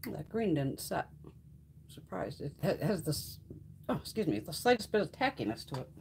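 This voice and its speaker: A woman's voice: low voice, very animated, brisk, a little mellow. A chatty middle-aged woman hosting a live beauty stream from her makeup room at home. Her voice moves up and down a lot as she tells stories, swears freely and laughs. There's a faint hum of room noise behind her. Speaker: beauty livestream host. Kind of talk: casual livestream chat.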